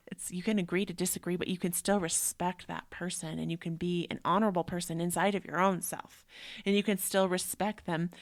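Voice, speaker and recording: A woman in her thirties shares a personal story in a loose, emotional way and keeps slipping in "like." Her lowish voice often drops into a gravelly fry. She talks as a casual host, not from a script. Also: no room sound, clean studio sound. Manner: emotional, rambling, frequent "like" fillers. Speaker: yoga teacher and show host.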